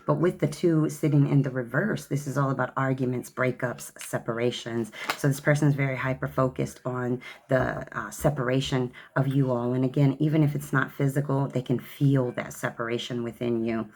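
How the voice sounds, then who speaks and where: A woman with a remarkably low, gravelly voice reads tarot cards for her viewers. She talks in a sassy, chatty way and calls the listener honey and child. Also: fairly even intonation, moderate pace, hardly any pauses, a little mellow. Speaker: tarot reader. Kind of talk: tarot card reading to camera.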